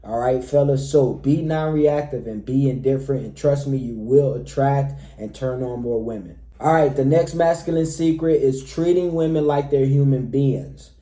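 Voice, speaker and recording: Talking straight to camera with hardly any pauses, this dating coach emphatically advises men and keeps returning to "all right, fellas." His medium-pitched voice is warm at normal speed, in an echoey room.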